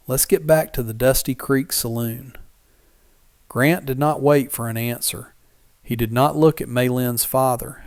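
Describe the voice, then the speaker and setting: A man's voice: medium pitch, a little mellow, dry recording, clean studio sound. Man narrating a dramatic frontier tale. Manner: measured, dramatic storytelling. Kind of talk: scripted story narration.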